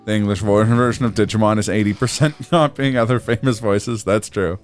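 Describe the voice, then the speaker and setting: Male streamer, lowish voice, loose rambling banter with laughs, faint music underneath. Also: a little fast. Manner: rambling, laughing often, filler-heavy. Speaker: streamer and co-host. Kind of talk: casual let's-play chat.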